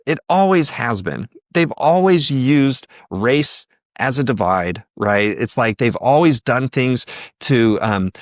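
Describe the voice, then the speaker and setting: A man's voice: medium pitch, no echo, studio quality. A man as a podcast guest, talking with passion and often quoting other people. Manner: passionate, animated, quotes others in voices. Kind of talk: conversational podcast interview.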